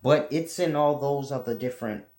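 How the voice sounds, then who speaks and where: A man's voice: mid-range voice, normal speed, darkish tone. Blunt, profane man ranting in a roomy space. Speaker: channel host teaching spiritual ideas. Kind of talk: casual preachy monologue.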